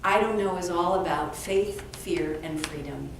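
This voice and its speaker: Speaking unhurriedly in a lowish voice, this author tells funny stories as a guest at a live event. She's animated and acts out bits of conversation. The audio comes through a distant mic in an echoey space with faint background noise.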